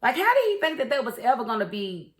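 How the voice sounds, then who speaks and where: A woman's voice: fairly high pitch, big pitch swings, fast. A woman giving a sassy, chatty review of a TV episode, often laughing and speaking directly to her viewers. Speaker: TV show reviewer. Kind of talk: casual review commentary.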